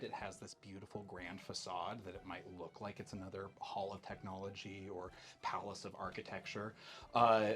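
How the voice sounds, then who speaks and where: A man narrating a tabletop game as game master, describing scenes with halting fillers. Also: mid-range voice, a bit bright.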